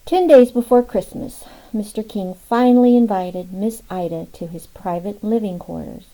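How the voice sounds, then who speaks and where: A woman narrating an audiobook in a measured, expressive way. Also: mid-range voice, poor audio. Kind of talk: scripted narration.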